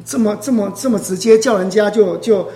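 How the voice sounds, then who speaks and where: A woman preacher telling a testimony in an animated storytelling way, acting out the voices of the people in it. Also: medium pitch, fairly quick. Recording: echoey hall.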